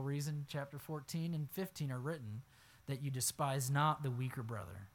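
A pastor delivers an expository sermon at a normal speed, reading scripture aloud and then explaining it. His voice swings between low asides and loud, emphatic exclamations.

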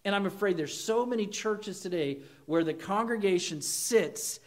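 A pastor preaches a sermon in a voice that sits fairly high for a man, expressive and at normal speed. He speaks earnestly, firing questions at his listeners and slipping into short acted quotes.

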